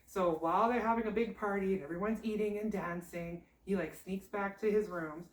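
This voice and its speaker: A woman's voice: medium pitch, fairly quick. Chatty woman telling a folk tale. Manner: chatty, animated, laughs often. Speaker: storyteller. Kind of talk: casual oral storytelling. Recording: roomy, distant mic.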